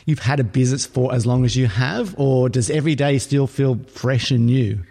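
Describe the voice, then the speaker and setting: A man's voice: medium pitch, normal speed, creaky, dark tone. A middle-aged man hosting a podcast, reading an upbeat, emphatic scripted intro before chatting with his guest. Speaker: podcast host.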